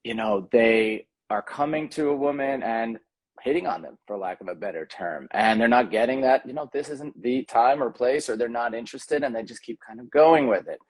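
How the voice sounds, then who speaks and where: A husky man talks through his ideas in an earnest, thoughtful way. He speaks as a podcast guest in casual conversation, stopping often for an um or a restart. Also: mid-range voice, moderate pace. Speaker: podcast guest, tantra coach.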